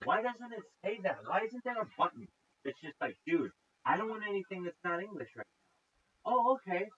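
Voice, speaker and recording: A man's voice: high voice, very animated, fairly quick, slightly rough, muffled recording. A man hosting a reaction video, ranting in casual commentary full of profanity and exasperation. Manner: profane, exasperated, loud rants.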